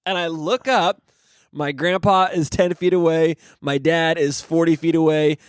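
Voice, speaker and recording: A man's voice: on the high side, fairly even intonation, measured pace, smooth, dry recording, studio quality. A young adult man co-hosting a casual podcast, telling a rambling story, laughing mid-sentence and swearing. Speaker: podcast co-host. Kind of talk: casual chat.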